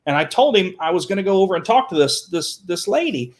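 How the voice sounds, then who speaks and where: A man telling animated stories as a guest on a talk show, repeating words and acting out the people he quotes. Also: high-pitched, quick pace. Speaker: guest, children's entertainer. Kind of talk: animated storytelling.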